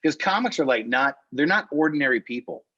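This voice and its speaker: A man's voice: a little high, animated, fairly quick, fairly bright tone, dry recording, dull audio. A man, a comedian guest on a podcast, chatting in a musing, laid-back way that trails off. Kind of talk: casual chat.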